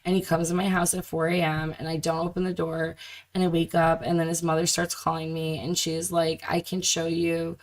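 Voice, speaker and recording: A woman with a low, deep voice reads a deposition witness's answers aloud. She slips into giggles between lines, taking the transcript casually. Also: monotone, brisk, poor audio. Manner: laughs often, breaks into giggles. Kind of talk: dramatic reading of a deposition.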